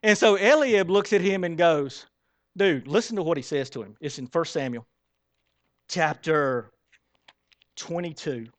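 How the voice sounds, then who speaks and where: A man preaching a sermon as pastor, animated and asking the congregation questions as he acts out the story. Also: fairly high pitch, measured pace, pauses often, no room sound. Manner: acts out Bible characters in quoted voices.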